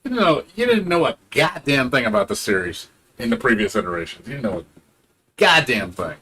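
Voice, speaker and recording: A man's voice: mid-range voice, big pitch swings, a little fast, pushed and bright, a little hiss or hum. A man streaming a game, ranting in a casual, profane and sarcastic way, now and then mocking other people in put-on voices.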